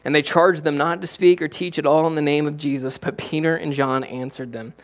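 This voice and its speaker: A pastor preaches with real energy, his fairly high voice climbing when he gets worked up and dropping low for quiet points. He is a middle-aged man whose sermon keeps moving between hushed and loud. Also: fairly quick. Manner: animated preaching with big swings from quiet to loud.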